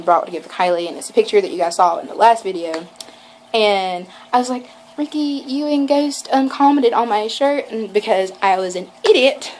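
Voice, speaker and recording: A young woman vlogging, telling a rambling, excited story full of "like" and quoted lines. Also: on the low side, a little hiss or hum, rough recording. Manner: gushing, rambling, lots of "like" and acted quotes. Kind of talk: casual storytelling vlog.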